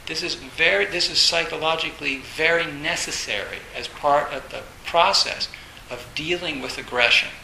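A man gives a dharma talk in an echoey room with a faint hiss behind him. His voice is bright and a little gravelly, set somewhat high. He rambles and repeats himself, filling gaps with "uh" and "you know". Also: moderate pace, hardly any pauses. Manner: rambling, repeats phrases, many fillers; acts out inner voices, bursts loud. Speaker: Zen teacher.

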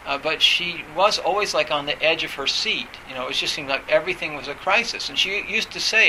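A man giving a reflective talk on meditation, speaking haltingly with many pauses, fillers and restarts. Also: fairly high pitch, bright, forceful tone, a little hiss or hum, poor audio.

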